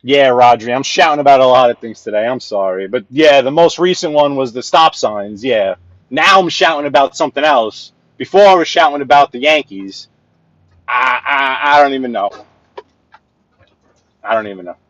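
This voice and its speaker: Speaking at normal speed in a medium-pitched, fairly bright voice, a man rants to chat while driving on a live vlog. Exasperated, the livestreamer and sales rep keeps repeating himself. The recording is dry and muffled.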